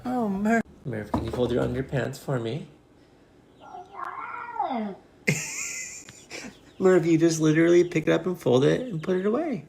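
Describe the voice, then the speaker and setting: A woman's voice: low-pitched, lively intonation, brisk, creaky, background noise. A woman talking to her cat at home in playful, teasing baby talk, giggling often. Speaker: pet owner.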